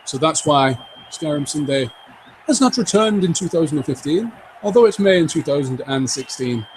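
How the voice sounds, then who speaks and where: A man's voice: fairly high pitch, expressive, normal speed, a little hiss or hum, low-quality recording. A man hosting a live game stream, joking and reading out viewer comments as he plays. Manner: chatty, jokey, reads out viewer comments.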